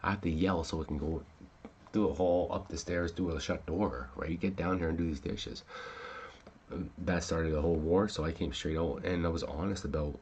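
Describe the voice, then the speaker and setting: A man's voice: deep voice, steady tone, a little fast, a little mellow, a little hiss or hum. A man hosting a casual talk show, rambling with many fillers and restarts and swearing when upset. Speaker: podcast host.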